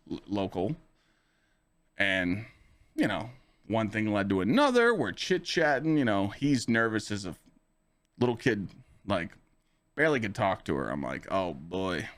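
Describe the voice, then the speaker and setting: A man with a lowish voice hosts a podcast and also streams. He tells a story at a measured pace with frequent pauses, animated and profane, packing in "you know" fillers.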